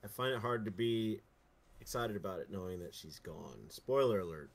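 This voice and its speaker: A man's voice: lowish voice, expressive, moderate pace, gravelly. A man co-hosting a podcast, dropping wry, joking asides in casual chat. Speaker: podcast co-host.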